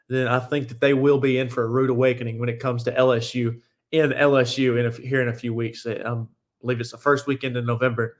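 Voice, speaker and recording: A young man hosting a sports talk show, giving casual, opinionated and rambling commentary with frequent restarts. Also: mid-range voice.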